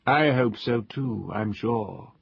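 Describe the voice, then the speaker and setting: Man playing a deferential hotel waiter, muddled, raised voice, raspy, dull lo-fi recording. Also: on the low side, slow, no echo, full character voice. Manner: deferential servant speech, calls everyone sir. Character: humble, muddle-headed male hotel waiter.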